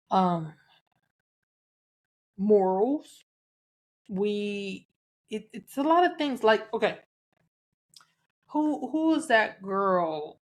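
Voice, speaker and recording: A woman from the American South with a Southern accent, hosting a solo podcast in a candid, chatty way, cussing and laughing freely. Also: medium pitch. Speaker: podcast host. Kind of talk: casual solo podcast talk.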